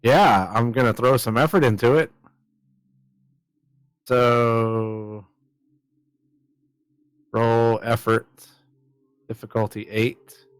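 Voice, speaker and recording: A man with a mid-pitched voice plays in a casual tabletop game. He talks bluntly, swears freely, and thinks through the rules out loud. The recording is dry and close. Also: steady tone, slow pace, pauses often, clean tone, dry recording, rough recording. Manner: blunt and profane, checking rules aloud. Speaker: player.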